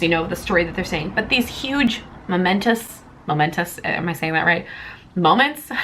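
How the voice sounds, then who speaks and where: A woman's voice: mid-range voice, a bit bright, slight background noise, rough recording. A young woman reviewing a comic in a casual vlog, rambling and emotional, close to tears. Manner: emotional, rambling, tearful at times.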